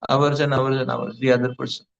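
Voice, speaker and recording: A man's voice: medium pitch, level tone, a little fast, creaky. A man giving a devotional lecture as a spiritual teacher, rambling with many fillers like "you know". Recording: dull lo-fi recording.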